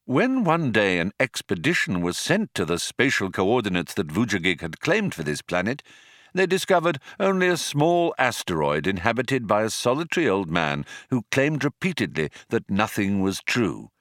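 A man's voice: lowish voice, sing-song, moderate pace, a bit bright, no room sound. A man narrating an audiobook in a dry, wry storytelling manner. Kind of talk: scripted narration.

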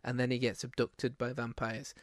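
A man's voice: medium pitch, flat delivery, moderate pace, no echo, studio quality. A man co-hosting a podcast, chatting casually about films in a rambling way, full of restarts and fillers. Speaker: podcast co-host. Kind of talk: casual film chat.

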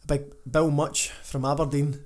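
A Scottish man with a slightly higher voice chats casually on a podcast. He tells his stories with animation and laughs often. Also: little pitch movement, moderate pace, darkish tone. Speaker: podcast co-host, gym owner. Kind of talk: casual chat, storytelling.

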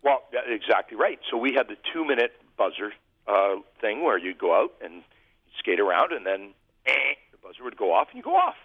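A man's voice: fairly low pitch, big pitch swings, brisk, husky, no echo. Man telling jokey stories over a phone line. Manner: humorous, self-deprecating anecdotes. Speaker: guest, former hockey goalie. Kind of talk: casual interview storytelling.

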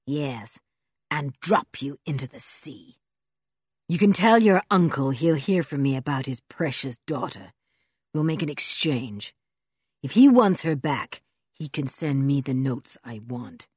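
A woman's voice: extremely low pitch, lively intonation, unhurried, a little mellow, husky, no room sound, clean studio sound, pitched below the performer's own voice, full character voice. A woman voicing a cruel, mad, red-bearded male villain who snarls orders in an audiobook. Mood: snarling. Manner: snarling, commanding.

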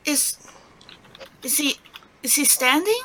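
Bright-voiced woman playing a tabletop game. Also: high voice, lively intonation, slight background noise. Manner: chatty, quick to laugh. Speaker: player. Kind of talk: casual tabletop play.

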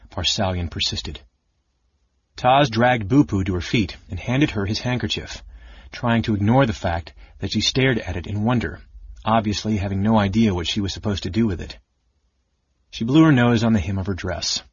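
Low husky guy reading a fantasy audiobook, dry and kinda dull-sounding. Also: normal speed, dry recording. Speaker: audiobook narrator. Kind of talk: scripted narration.

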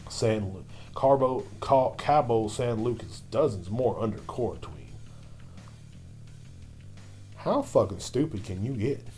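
A man with a lowish voice holds forth on his solo podcast, cursing in nearly every sentence and drifting from point to point between sips of beer. Soft guitar music plays faintly under him. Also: lively intonation, slow pace, long pauses. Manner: loose, swearing constantly, drinking beer while talking. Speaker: podcast host. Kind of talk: profane solo podcast rant.

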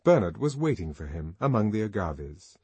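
A man narrating a novel in a measured, expressive audiobook reading. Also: lowish voice, husky, no echo. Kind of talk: scripted narration.

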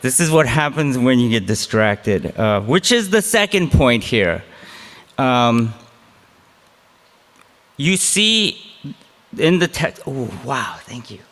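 A man's voice: medium pitch, very animated, slow, long pauses, fairly bright tone. A man preaching a conversational sermon as a pastor, casual and self-deprecating, with chatty asides. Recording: long hall reverb.

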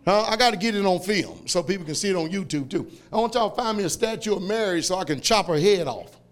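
A man preaching a fiery sermon, shouting and laughing as he tells stories. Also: high voice, fast. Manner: loud, shouting, laughing, animated storytelling.

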